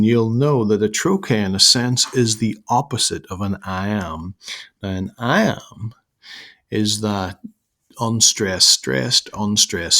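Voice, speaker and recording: Croaky, gravelly male teacher. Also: lowish voice. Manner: explanatory, with many fillers and restarts. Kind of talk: recorded literature lesson.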